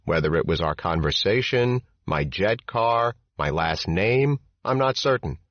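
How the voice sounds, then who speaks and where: A low-voiced man reads a first-person memoir as an audiobook in a measured, steady way. The recording is dry, with no room sound, and slightly dull and muffled. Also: no echo. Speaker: audiobook narrator. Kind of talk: scripted first-person narration.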